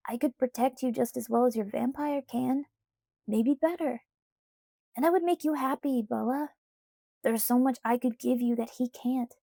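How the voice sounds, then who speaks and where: A woman's voice: sits high, normal speed, vocal fry, dark tone, no echo, studio quality, voice pushed up. A woman reading the part of a cheerful, persistent teenage boy in an easygoing, coaxing way.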